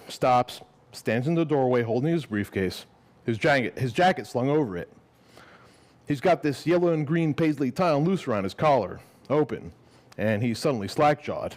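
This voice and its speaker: A man reading his own fiction aloud to a live audience at a gallery event, expressive, then chatting casually and swearing. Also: medium pitch. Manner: lively and expressive, casual and swearing when speaking off the page.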